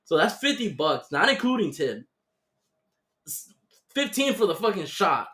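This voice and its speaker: A man's voice: high voice, measured pace. A man hosting a casual podcast, telling a long story with constant swearing. He acts out the people in it as he goes, in a loose, rambling way. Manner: profane, animated storytelling with acted-out voices. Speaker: podcast host.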